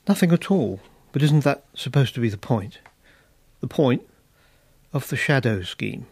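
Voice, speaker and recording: A man's voice: medium pitch, animated, a little slow, darkish tone, husky, no room sound. A man voicing a prim young woman who lectures in English, lifting his voice a little. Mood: stiff.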